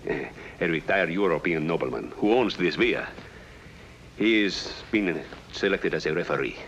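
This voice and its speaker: An actor playing a grave, formal government deputy who speaks with courteous formality, on a dull, hissy old soundtrack. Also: male voice, low-pitched, expressive, moderate pace, a bit bright. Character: grave, formal second-in-command official, middle-aged man.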